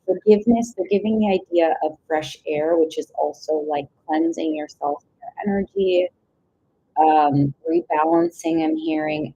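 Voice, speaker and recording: A young woman with a low, soft, mellow voice gives a live intuitive tarot reading. She rambles and gropes for words, breaks into sudden excited outbursts and swears casually. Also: gravelly, rough recording. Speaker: tarot reader.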